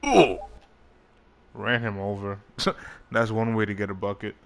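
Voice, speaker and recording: A man casually commenting on his own basketball video game, excitable, swearing and laughing at himself. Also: on the low side, normal speed, clear, resonant tone. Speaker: gaming YouTuber.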